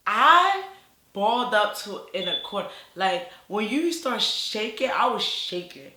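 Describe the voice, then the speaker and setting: A young woman from Baltimore with a Baltimore accent, telling a rambling, animated storytime full of "like" and slang. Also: medium pitch, measured pace, roomy sound. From Baltimore, USA. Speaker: YouTuber. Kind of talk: casual storytime vlog.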